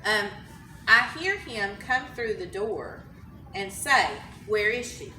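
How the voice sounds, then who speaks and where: A woman who works as an emergency dispatcher tells a story in a casual interview, animated and laughing, acting out the voices of the people in it. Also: medium pitch, takes it slowly. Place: conference hallway. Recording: roomy, distant, with background noise.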